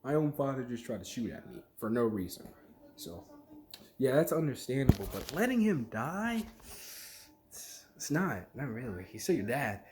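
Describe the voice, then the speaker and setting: A vlogger in a casual, rambling rant to camera, packed with "like" fillers and quick acted-out quotes. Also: mid-range voice, big pitch swings, darkish tone, a little hiss or hum. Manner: filler-heavy, lots of "like", jumps between thoughts; acts out quick quoted voices mid-story.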